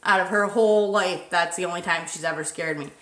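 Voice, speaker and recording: A woman's voice: fairly low pitch, a little fast, fairly bright tone, echoey room. A woman in her thirties hosting a paranormal livestream outdoors at night, chatting loosely with viewers and swearing freely. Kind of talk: casual livestream chat.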